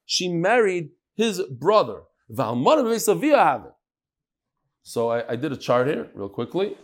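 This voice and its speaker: Animated man teaching Talmud. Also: fairly high pitch, measured pace. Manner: mixes Yiddish-Hebrew terms into English, acts out dialogue.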